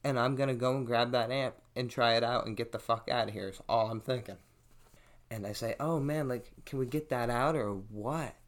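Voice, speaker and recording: A man's voice: mid-range voice, moderate pace. A young man hosting a podcast, telling a story casually and profanely and acting out what people said. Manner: profane, animated storytelling, acts out quotes. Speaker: podcast host.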